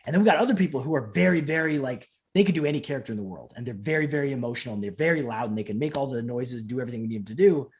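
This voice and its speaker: A man's voice: racing, hardly any pauses. A man in his thirties, a professional wrestler and trainer, chatting in an interview from home over a video call and acting out quotes as he tells stories. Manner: animated storyteller acting out quotes with big pitch jumps. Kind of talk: casual interview chat.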